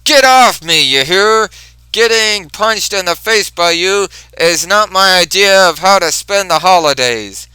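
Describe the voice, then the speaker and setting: A man voicing an irritable, brutish supervillain in a rhino costume, complaining loudly. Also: a little high, sing-song, measured pace, clear, resonant tone, dry recording, heavily acted, poor audio. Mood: angry yelling. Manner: loud, whiny complaining.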